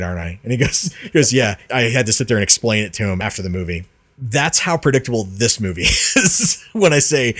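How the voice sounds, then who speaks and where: A man hosting a casual podcast, talking loosely with frequent fillers and restarts. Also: on the low side. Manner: rambling, many restarts and fillers. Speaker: podcast host. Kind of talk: casual chat about movies.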